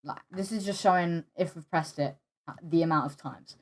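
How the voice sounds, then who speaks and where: A young woman hosting a coding tutorial, hesitant and stumbling, often pausing with fillers and apologizing. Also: lowish voice. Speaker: tutorial host. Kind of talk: screen-recorded coding tutorial.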